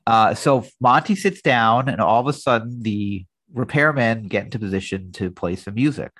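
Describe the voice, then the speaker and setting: A man's voice: on the low side, normal speed, a bit bright. A man co-hosting a podcast, casually recapping a sitcom episode and reading its lines. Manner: narrates scenes plainly, reads quotes. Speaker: podcast co-host.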